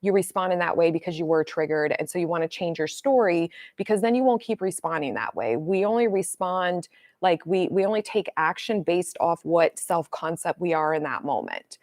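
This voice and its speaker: A middle-aged woman coach talking casually on a livestream, blunt and animated, swearing freely as she tells stories. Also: on the low side, moderate pace, no room sound, studio quality. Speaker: manifestation coach.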